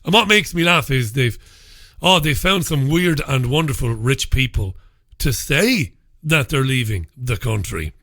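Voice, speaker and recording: Talk show host, male, sarcastic newspaper commentary, bright voice, dry close sound. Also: mid-range voice, lively intonation, unhurried, dry recording. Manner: sarcastic and mocking, laughs at his own stories; blunt and profane. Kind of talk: solo commentary reviewing newspapers.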